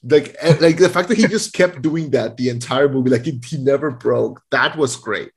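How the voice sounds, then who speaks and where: A man's voice: mid-range voice, normal speed. A man co-hosting a casual movie review chat, ranting with exasperation and many fillers. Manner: animated, exasperated ranting with frequent "like" and restarts. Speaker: podcast co-host reviewing a film.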